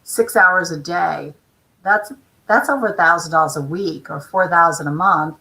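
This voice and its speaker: A woman hosts a casual talk show, chatting in long, run-on explanations. Her voice sits low but has a bright, forceful edge. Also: moderate pace, rough recording. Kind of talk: casual interview chat.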